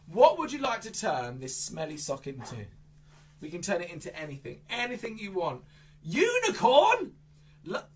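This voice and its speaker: A children's entertainer with a husky, mid-range voice keeps up silly, playful magic show patter. It's exaggerated throughout, swinging from loud squeals into hushed asides.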